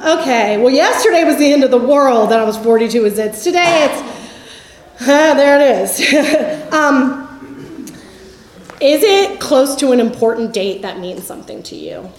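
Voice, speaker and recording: A woman in her forties giving a Bible teaching talk in a lively storytelling manner. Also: sits high, moderate pace. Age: 40s. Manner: lively storytelling, acts out quotes with laughs. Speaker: campus ministry speaker. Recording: echoey room.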